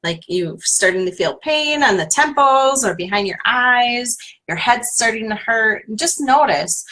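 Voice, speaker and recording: A woman's voice: fairly high pitch, expressive, unhurried, sharp tone. A woman leading a live tapping session as a coach, giving encouraging, step-by-step instructions to viewers. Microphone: livestream webcam.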